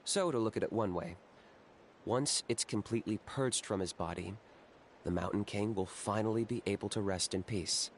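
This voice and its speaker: An actor playing a solemn male clan elder in a game, explaining things in a measured, grave way. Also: on the low side, a little hiss or hum, close to an everyday voice.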